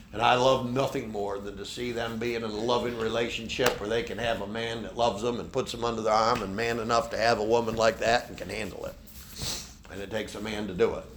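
A man's voice: fairly low pitch, fairly bright tone, a little hiss or hum. A man preaching a sermon as pastor, who often ends his points with a questioning "okay?". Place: church.

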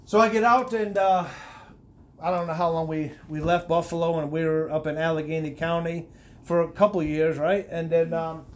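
A middle-aged man giving a personal testimony in a conversational interview, earnest, with many restarts, rising and getting animated at emphatic points. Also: fairly high pitch, normal speed. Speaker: guest sharing his testimony.

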